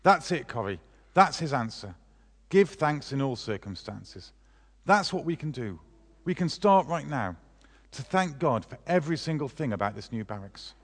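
A man's voice: medium pitch, big pitch swings, moderate pace, slightly rough. A man reading as an eager, devout young woman. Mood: earnest. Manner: earnest, encouraging. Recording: long reverb of a large hall.

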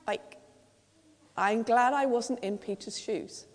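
English woman giving a sermon, higher voice, mellow tone, long echo in a church. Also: slow pace, long pauses. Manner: gentle storytelling, acts out quotes softly. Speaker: preacher.

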